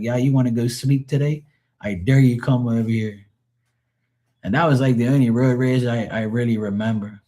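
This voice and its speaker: A man's voice: medium pitch, a little mellow. A man in his forties chatting casually on a live stream, rambling through profane stories.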